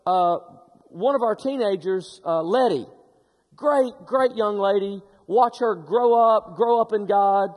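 A middle-aged man preaching a sermon, telling stories in an animated way with frequent restarts. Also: very high voice, big-room sound. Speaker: pastor.

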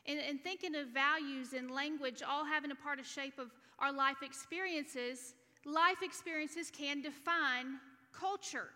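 A woman's voice: sits high, steady tone, measured pace, bright, forceful tone. A woman from Alabama preaching a sermon, earnest and teaching point by point. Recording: reverberant church hall.

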